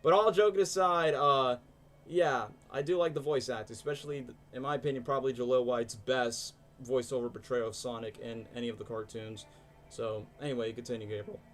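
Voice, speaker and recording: A man's voice: mid-range voice, fairly even intonation, fairly quick, a bit bright, a little hiss or hum. A young man hosting a live stream, chatting casually and animatedly with lots of fillers. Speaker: stream host. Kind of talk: casual chat, ranking shows live.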